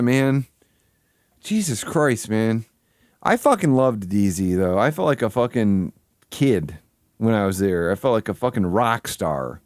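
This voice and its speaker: A man hosting a live stream, ranting with heavy swearing and swinging between loud outbursts and low mutters. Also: very animated, unhurried, dry recording, clean studio sound. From Michigan. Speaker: livestream host. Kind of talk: casual stream commentary.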